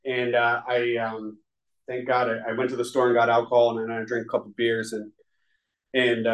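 In this rough recording, a man with a medium-pitched voice shares his story at a recovery meeting. He rambles in a conversational way, full of fillers, and sounds earnest and confessional.

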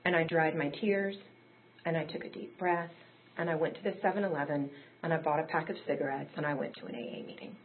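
A woman's voice: sits low, steady tone, quick pace, slight background noise. A woman telling her own recovery story in a candid, conversational way that rises into emotional peaks. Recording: tinny phone-like audio.

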